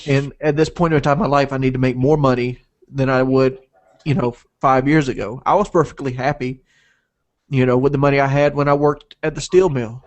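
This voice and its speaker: A man's voice: mid-range voice, fairly even intonation, brisk. A man speaking bluntly and defensively in a heated live call-in chat. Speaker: online streamer.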